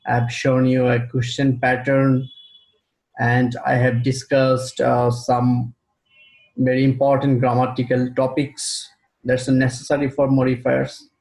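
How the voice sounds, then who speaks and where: Guy teaching grammar real slow, mellow voice, echoey room. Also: mid-range voice, completely flat delivery. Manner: slow and deliberate, repeats key terms. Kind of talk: recorded classroom lecture. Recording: roomy echo.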